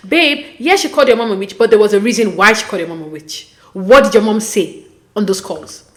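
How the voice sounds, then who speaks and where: A woman from Nigeria hosting a reality TV recap, talking in a casual, animated, opinionated way with frequent exasperation. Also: on the high side, quick pace. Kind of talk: casual commentary.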